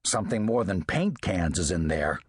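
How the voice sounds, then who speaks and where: A thin, wary stray tomcat, as a man puts him on, pitched a little higher and quick with urgency. His voice is husky and dry, slipping into a hiss when alarmed. He comes across as sharp and watchful, a storybook street cat. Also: animated, no room sound. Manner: alert, urgent, hissing.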